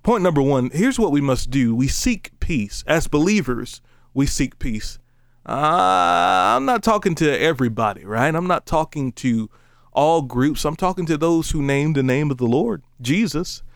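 A man delivers a sermon in an easy, conversational way, mixing playful asides with slow, weighty readings of scripture. His voice sits somewhat high for a man and stays animated. The sound is dry and close, with no room around it. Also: dry recording. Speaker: preacher. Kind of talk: casual sermon.

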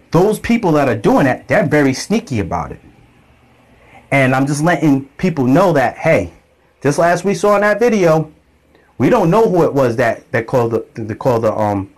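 Animated man telling a story. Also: medium pitch. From grew up in an island community. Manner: animated storytelling, acts out quoted voices. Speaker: vlogger. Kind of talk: casual monologue to camera.

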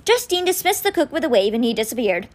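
Expressive woman reading a novel aloud. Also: high voice, fast talker. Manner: expressive storytelling with quoted lines read in. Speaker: podcast book reader.

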